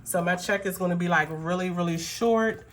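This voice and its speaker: A woman with a slightly low voice talks casually while counting bills aloud. She rambles a little and uses plenty of fillers. Her voice sounds choked up at times. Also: moderate pace, a little hiss or hum. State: emotional, choked up. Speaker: budgeting vlogger.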